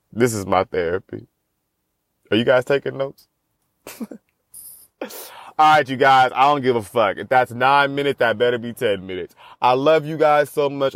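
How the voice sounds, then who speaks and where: A man's voice: medium pitch, no echo. A young man hosting a solo podcast, talking in a profane, rambling and self-mocking way into a close mic. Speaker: podcast host. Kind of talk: casual solo podcast monologue.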